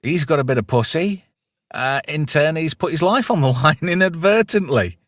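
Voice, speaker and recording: The podcast host's voice sits a little high and moves at a moderate pace, captured in studio quality with no room sound. Hosting a relaxed film review, he walks through the story and quotes lines energetically, laughing a lot.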